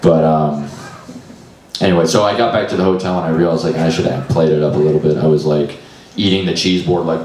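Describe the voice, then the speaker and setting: A young man does loose, self-deprecating stand-up at an open mic in a small comedy venue, swearing often and sounding frazzled. His bass voice is steady, fairly quick, and darkish, with a little hiss or hum. The room is echoey and the mic sits far off.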